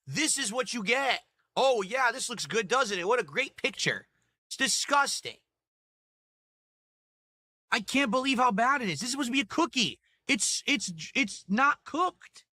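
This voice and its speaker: A man's voice: very high-pitched, sharp tone, no room sound. A man reviewing food on camera from his desk at home, ranting indignantly and repeating himself. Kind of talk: angry food review rant.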